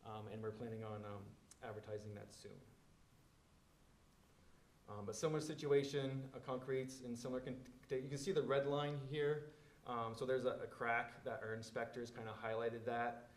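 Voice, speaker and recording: A man's voice: medium pitch, roomy sound. A man presenting engineering plans at a public meeting, explaining in a loose, filler-heavy way.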